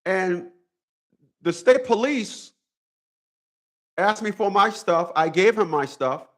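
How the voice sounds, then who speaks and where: A man's voice: high voice, expressive, takes it slowly. A man talking straight to his viewers in a casual monologue, profane and repetitive, with a preachy storytelling manner. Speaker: vlogger.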